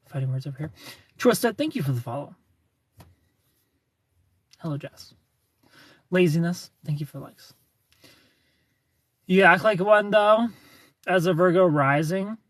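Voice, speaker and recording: A man's voice: fairly high pitch, lively intonation, slow pace, long pauses, a bit bright, dry recording. A man hosting a casual livestream, greeting viewers by name, reading their comments aloud and teasing them with frequent laughs. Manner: chatty, reads viewer names and comments aloud. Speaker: livestream host.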